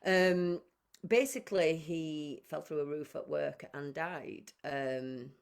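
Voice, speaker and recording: A woman's voice: low-pitched, slow pace, vocal fry, clear, resonant tone. A woman, a podcast guest sharing her life story emotionally and acting out past conversations. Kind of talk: personal storytelling.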